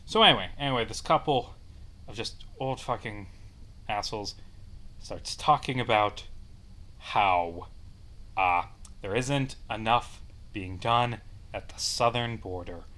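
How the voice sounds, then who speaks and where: A man's voice: lowish voice, unhurried, pauses often, pushed and bright. A young man in a heated, profane vlog rant, repeating himself as his anger builds. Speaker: vlogger. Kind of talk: angry personal rant.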